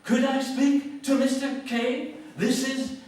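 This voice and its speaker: Brief: man putting on a prim, formal elderly statesman, high, unhurried, distant in a reverberant hall. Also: little pitch movement, a little mellow. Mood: dry. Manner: slow, precise, mannered. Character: stiff, formal elderly male politician. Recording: echoey hall from far off.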